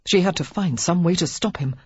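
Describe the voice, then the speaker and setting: Husky, expressive woman narrator. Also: fairly low pitch, fairly quick, dry recording, dull audio. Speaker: audiobook narrator. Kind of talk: scripted narration.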